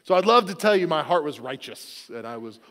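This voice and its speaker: A man preaching a sermon as pastor, telling a family story in a relaxed, joking, self-deprecating way. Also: on the high side, brisk, big-room sound. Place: church sanctuary.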